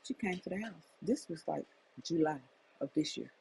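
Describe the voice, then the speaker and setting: A middle-aged woman shares a personal testimony as a faith message, her voice gravelly with a husky, fried edge. She tells it emphatically and circles back on her words, with a faint hiss of ambience underneath. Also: low-pitched, animated, normal speed, warm tone, low-quality recording. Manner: emphatic, repetitive storytelling. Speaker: life coach.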